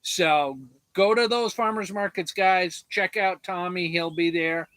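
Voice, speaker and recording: A man from Arkansas chats slowly and easily on a homestead livestream, joking with the viewers and pausing on fillers. His voice is high and bright, recorded dry and close. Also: dry recording. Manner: easygoing, joking, with fillers and restarts. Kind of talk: casual livestream chat.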